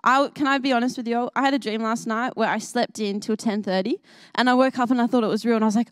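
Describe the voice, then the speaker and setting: A woman's voice: a little high, fairly even intonation, fast talker, no echo. A young woman leading a children's church message, bubbly and full of questions for the kids. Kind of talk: kids' sermon. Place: church service.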